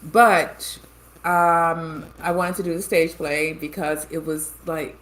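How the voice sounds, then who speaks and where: Actress guest, lowish female voice, lively storyteller who acts out quotes; faint noise behind. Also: slow, rough recording. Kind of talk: casual interview chat.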